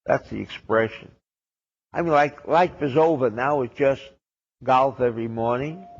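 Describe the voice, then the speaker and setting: A man's voice: mid-range voice, measured pace. A man giving a sermon as a rabbi, wry and sarcastic, asking rhetorical questions. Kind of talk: sermon on the weekly Torah portion. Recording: dull lo-fi old recording.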